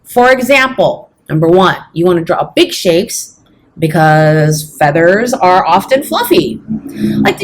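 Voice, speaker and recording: A woman teaching fashion illustration in a chatty, casual tutorial, teasing herself and checking in with "okay?". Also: medium pitch. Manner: chatty, self-teasing, says "y'all" and "okay?".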